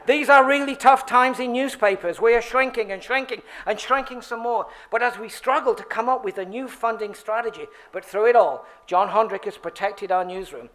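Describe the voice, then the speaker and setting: A man's voice: very high voice, normal speed, hardly any pauses, sharp tone. A man reading an award tribute speech at a podium, with playful asides and laughing at his own script. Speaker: award presenter. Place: banquet hall at an awards dinner.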